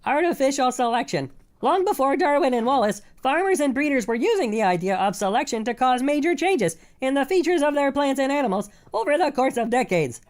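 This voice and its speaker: A synthetic voice playing a creepy cartoon bear that reads textbook passages in a steady, even delivery. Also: high-pitched, a little fast, faint music behind. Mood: flat.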